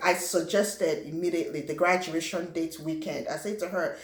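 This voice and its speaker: A young woman from Africa telling a personal story in a lively way, acting out what people said and adding sound effects. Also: on the low side, normal speed. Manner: animated, acts out quotes and sound effects. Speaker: vlogger. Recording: roomy echo.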